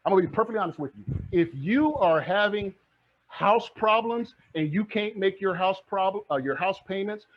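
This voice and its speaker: Fired up like a preacher, a middle-aged real estate mentor gives a motivational presentation, repeating his points in a high-pitched, expressive voice at a moderate pace. The audio is muffled and lo-fi.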